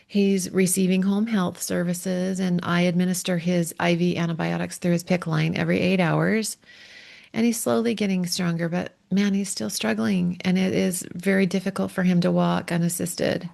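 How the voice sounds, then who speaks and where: A middle-aged woman relationship coach speaking in a heartfelt, emotional podcast monologue, sometimes pausing to steady herself. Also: lowish voice, creaky.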